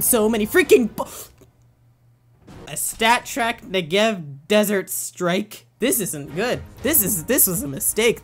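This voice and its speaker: A woman giving excitable, jokey gameplay commentary, squealing and shouting at near-misses. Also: fairly high pitch, normal speed, faint music behind. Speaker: gaming video creator.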